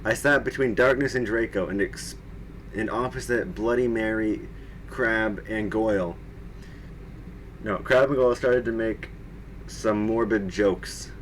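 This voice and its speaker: Slow, mocking male reader. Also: lowish voice, slight background noise. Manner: mocking, breaks to laugh and comment. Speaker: reader and commentator. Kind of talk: comedic dramatic reading with commentary.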